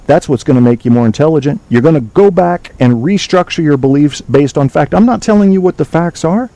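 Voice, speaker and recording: Male podcast host, blunt and preachy, swears freely; slightly raised, mellow voice. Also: fairly high pitch, expressive, brisk, no room sound, poor audio. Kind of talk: opinionated call-in show monologue.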